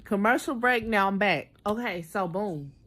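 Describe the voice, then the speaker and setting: Young woman, storytime, chatty and animated, talks straight to the viewers, medium pitch. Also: moderate pace. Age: 20s. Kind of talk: casual storytime.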